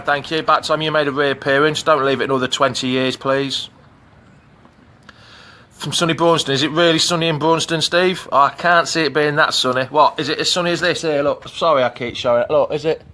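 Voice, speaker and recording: A fan channel host, middle-aged and from the English Midlands, chats casually on a live stream while in an outdoor pool, greeting viewers by name. His medium-pitched voice is bright and forceful, picked up by a phone camera.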